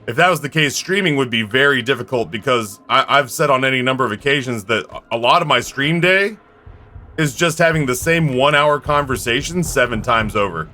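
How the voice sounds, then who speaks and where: Bright-voiced man rambling on stream. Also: mid-range voice, slight background noise. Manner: rambling, self-mocking, acts out both sides of conversations. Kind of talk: casual livestream chat.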